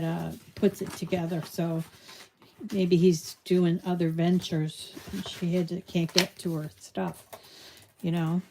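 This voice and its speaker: A woman's voice: on the low side, mellow, slight background noise. A middle-aged woman hosting a live crafting tutorial, chatting casually and rambling off on tangents. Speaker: crafting show host.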